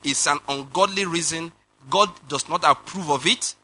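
A man preaching a sermon, animated, laughing and firing rhetorical questions at the congregation. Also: on the high side, normal speed, a little hiss or hum. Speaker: pastor.

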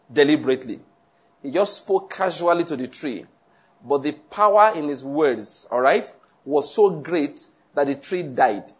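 Male preacher, scripture-reading sermon, earnest and emphatic, voice a touch high. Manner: earnest, repeats points for emphasis. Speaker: pastor teaching a Bible study.

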